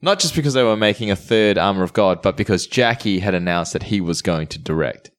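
A man's voice: fairly low pitch, animated, a little fast. A man hosting a casual podcast, joking and bantering crudely with his co-hosts. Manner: jokey, playfully crude banter. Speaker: podcast host.

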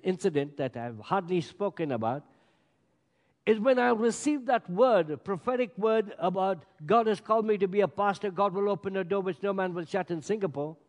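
Male pastor, high tone, emphatic sermon delivery, reverberant church hall. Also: lively intonation, moderate pace. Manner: emphatic preaching with sudden loud and quiet swings. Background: congregation.

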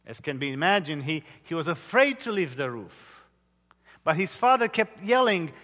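A man preaching a sermon, telling stories earnestly with dramatic pauses. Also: high-pitched, animated, pushed and bright. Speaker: pastor. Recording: long hall reverb.

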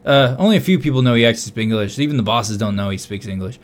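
A young man casually telling a long story on a podcast, swearing often and getting loud when he quotes himself. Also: medium pitch, rapid-fire, hardly any pauses. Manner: animated, swears a lot, loud bursts when quoting himself. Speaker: podcast co-host.

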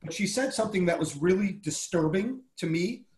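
A man hosting an interview, enthusiastic and halting, with many fillers as he sets up his questions. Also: sits high, lively intonation, darkish tone. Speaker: podcast host. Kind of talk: conversational interview. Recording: echoey room.

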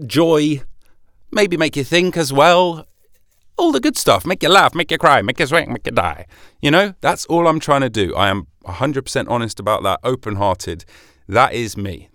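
A man's voice: medium pitch, a bit bright, dry recording. British male podcast host, mid-range voice, opinionated chatty monologue, dry booth sound. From Britain. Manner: chatty and opinionated, rhetorical questions.

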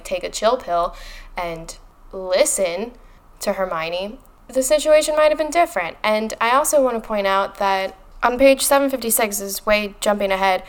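A woman co-hosting a casual book-club podcast, animated and emphatic, swearing casually. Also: medium pitch. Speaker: podcast co-host.

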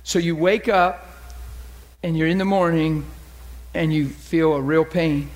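Man, pastor, high voice, animated sermon, acts out voices. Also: a little slow.

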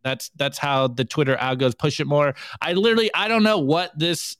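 A chatty male show host reads memes aloud in a casual livestream, dropping quick asides between them. His voice sits a little high and comes through smooth, close and dry. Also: fairly bright tone, dry recording.

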